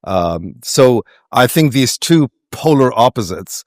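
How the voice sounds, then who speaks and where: A man's voice: mid-range voice, sing-song, takes it slowly, dry recording, clean studio sound. A man with a Pakistani accent talking reflectively as an interview guest, meandering with many restarts and fillers. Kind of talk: conversational interview.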